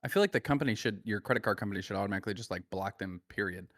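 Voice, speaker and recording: Male co-host, low voice, quick banter, dry close sound. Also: fairly bright tone, no room sound. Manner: fast banter, jokey asides. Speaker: podcast co-host. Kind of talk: casual chat.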